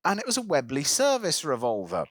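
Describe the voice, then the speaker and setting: A man's voice: fairly high pitch, fairly quick, no echo. A man telling a long anecdote in casual podcast chat, slipping into voices for the people in his story. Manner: animated anecdote teller, slips into character voices. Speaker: podcast co-host.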